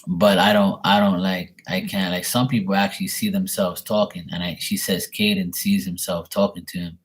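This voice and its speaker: Man, deep voice, young adult, tarot reader, loose rambling delivery, webcam mic. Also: little pitch movement, normal speed. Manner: rambling, filler-heavy, relaying messages. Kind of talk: live stream reading. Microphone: webcam at desk.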